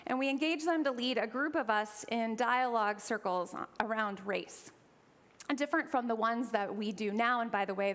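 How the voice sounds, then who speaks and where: A woman's voice: a little high, a bit bright. A woman from Eastern Kentucky preaching a sermon as minister, conversational and with humorous asides to the congregation.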